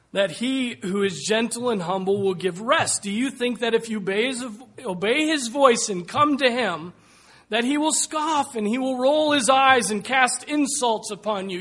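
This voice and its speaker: A man's voice: high voice, fairly bright tone. A man preaching a sermon, making earnest, pleading appeals that suddenly swell in volume.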